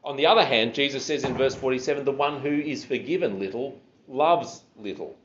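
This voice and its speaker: A man's voice: mid-range voice, brisk, muffled recording, slight background noise. A man preaching a sermon, explaining scripture verse by verse and stressing key words.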